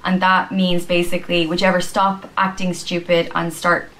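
A woman from Ireland with an Irish accent, patiently explaining slang phrases and acting out examples, with frequent pauses and "um". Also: fairly low pitch, little pitch movement, a bit bright, a little hiss or hum, poor audio. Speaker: slang teacher in a video.

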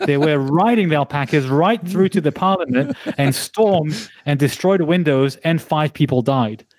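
A man's voice: a little high, moderate pace, darkish tone, dry recording. A man hosting a casual podcast debate, putting playful mock-serious questions to his guests. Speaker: podcast host and debate moderator.

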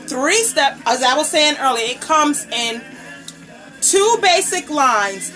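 Bubbly high-voiced woman unboxing live. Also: bright, forceful tone, poor audio. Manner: bubbly, gushing, greets viewers by name. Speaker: nail polish brand ambassador and livestream host. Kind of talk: casual live unboxing stream. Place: indoors at home, table set up. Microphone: tablet camera microphone.

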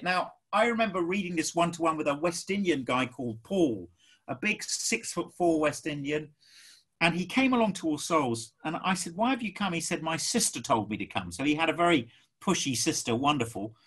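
A man with an English accent preaching a sermon, emphatic and animated, acting out the people he quotes. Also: on the high side, normal speed, slightly rough.

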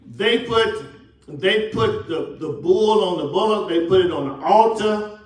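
A Southern American pastor from Texas, his voice sitting high and pacing a little slow, addresses his congregation in a church sanctuary captured distantly amid echo. He asks them questions call-and-response style and acts out the voices of the people he describes.

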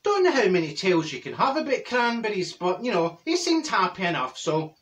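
A man's voice: high voice, sing-song, a little fast, fairly bright tone, recorded from a distance. A man playing a chatty middle-aged Glaswegian woman with a Glaswegian Scottish accent, rambling through gossip full of asides and restarts in a comic monologue. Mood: gossipy chatter. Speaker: comedy character vlogger.

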